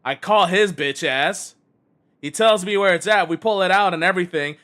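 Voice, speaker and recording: Brief: male streamer, high bright voice, exasperated cursing rant while gaming. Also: normal speed. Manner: exasperated, heavy swearing.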